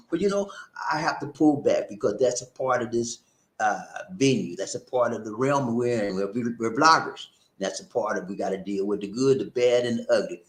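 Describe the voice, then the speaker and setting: A man hosting a casual livestream, animated and breaking into sung catchphrases. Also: medium pitch, normal speed, reverberant. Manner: animated, sings and shouts catchphrases. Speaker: livestream host. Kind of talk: casual live chat. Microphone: new noise-reducing mic.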